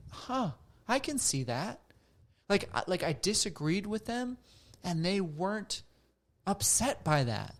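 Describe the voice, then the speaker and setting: Earnest man reflecting as counselor. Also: high voice. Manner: earnest, animated when quoting others. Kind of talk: reflective monologue to camera.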